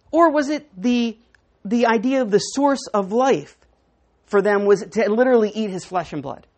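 A woman's voice: a little high, a little mellow. A woman preaching a sermon in church, teaching in a conversational way and putting questions to the congregation.

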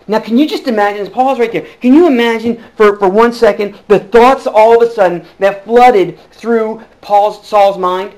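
High-voiced preacher, hushed to emphatic. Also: male voice, moderate pace, few pauses, rough recording. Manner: earnest, swings from hushed to emphatic. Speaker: pastor. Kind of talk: sermon.

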